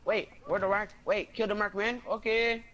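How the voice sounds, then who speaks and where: A man's voice: high voice, little pitch movement, moderate pace, bright, forceful tone, dull audio. A young man bantering in a gaming session, often exasperated with his friend. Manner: bantering, exasperated, asking questions. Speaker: gamer.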